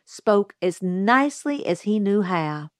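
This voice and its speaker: A woman voicing a wise, kindly older neighbor woman who speaks in a measured, gently firm way. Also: medium pitch, animated, no room sound, clean studio sound.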